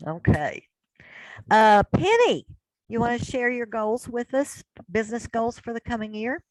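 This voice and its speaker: A woman's voice: fairly high pitch, lively intonation, measured pace, no echo, poor audio. Woman running a group video call, upbeat and encouraging, dry close sound. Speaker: host of an online business group meeting.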